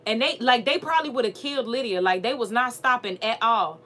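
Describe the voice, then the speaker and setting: Animated woman chatting with viewers. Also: a little high, brisk, slight background noise. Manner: animated, profane, talks straight to viewers. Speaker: live stream host. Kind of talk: casual live stream chat.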